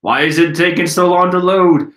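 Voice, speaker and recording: A man's voice: high-pitched, fairly even intonation, moderate pace, fairly bright tone. A man casually reading a comic aloud and chatting, with a giggly manner, at home. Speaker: manga reading channel host. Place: room at home. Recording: roomy echo.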